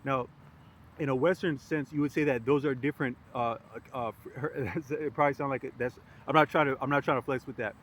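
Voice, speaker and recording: A man musing aloud in a casual philosophical monologue, rambling and halting with frequent restarts and fillers. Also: medium pitch, fairly even intonation, a bit bright. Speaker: podcast host.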